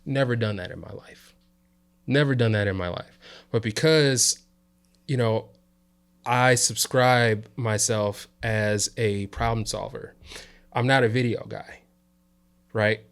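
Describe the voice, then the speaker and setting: Low-voiced man telling a story casually. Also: takes it slowly, creaky, long pauses, fairly bright tone, clean tone. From South Side of Chicago. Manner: laid-back storyteller with frequent "you know" and "right?". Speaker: interview guest, videographer and coach.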